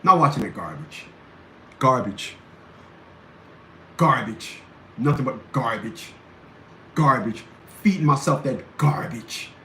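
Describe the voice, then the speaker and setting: A man's voice: mid-range voice, expressive, takes it slowly, long pauses, a bit bright. A male show host giving blunt, combative commentary and hammering his points home with repetition. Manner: blunt, combative, repeats phrases for emphasis. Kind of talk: ranting commentary. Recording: roomy echo, faint background noise.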